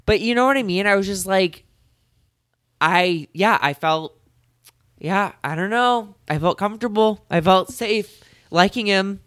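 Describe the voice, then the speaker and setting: Smooth-voiced man, halting candid chat. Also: high-pitched, a bit bright, dry recording, clean studio sound. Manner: halting, heavy on filler "like", self-deprecating.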